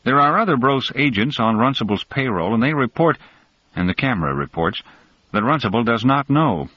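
A cool, cunning schemer lays out his reasoning in a measured, sharp tone, his pitch rising and falling with lively inflection, as a man reads him aloud. The recording is dry and somewhat dull, with a lo-fi edge. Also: no echo, close to an everyday voice. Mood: coolly explaining.

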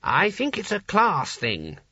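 A man's voice: mid-range voice, wildly swooping pitch, slow, gravelly, sharp tone, husky, no echo, lo-fi sound, full character voice. A man doing a meek little wizard. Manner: nervous, hesitant, apologetic. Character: small, meek, timid male wizard.

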